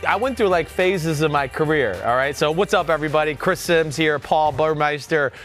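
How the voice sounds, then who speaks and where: A man in his thirties with a New Jersey accent, hosting a sports podcast in loud, animated casual chat. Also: fairly high pitch, normal speed, soft background music. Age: 30s. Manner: loud, animated, talks with filler and restarts. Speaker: podcast host.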